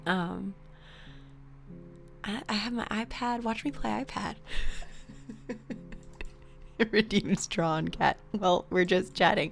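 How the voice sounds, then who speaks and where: A young woman streams and chats with her viewers in a loose, rambling way, laughing as she reads their messages aloud. Her voice sits a little high, with faint music playing underneath. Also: expressive, measured pace, vocal fry, pauses often, a bit bright. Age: young adult. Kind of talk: casual chat with live chat.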